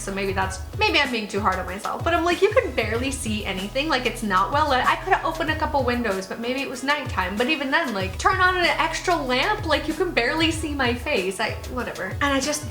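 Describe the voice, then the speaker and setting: Bright-voiced young woman, echoey room. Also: a little high. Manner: self-mocking, chatty, swears casually. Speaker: YouTuber. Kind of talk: casual reaction vlog. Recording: roomy echo, faint music.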